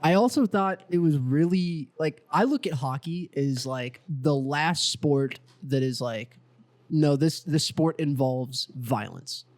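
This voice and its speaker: A man's voice: a little high, slow. A man co-hosting a podcast, chatting casually and musing at length. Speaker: podcast co-host. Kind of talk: casual chat.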